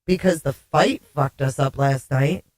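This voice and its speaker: A woman's voice: extremely low pitch, a little slow, a little mellow. A woman hosting a casual livestream, chatting and reading viewer comments aloud, her voice sounding odd, warbly and echoey. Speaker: livestream host.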